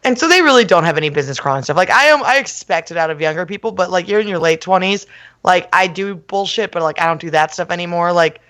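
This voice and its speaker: A woman co-hosting a casual podcast chat, telling a story in a lively way and acting out the people in it. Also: fairly low pitch, quick pace. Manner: animated storyteller, laughs and shouts quotes. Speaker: podcast co-host.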